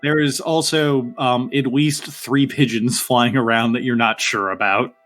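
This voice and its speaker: A man narrating a tabletop game as game master, relaxed and full of fillers. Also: mid-range voice, a little slow, soft background music.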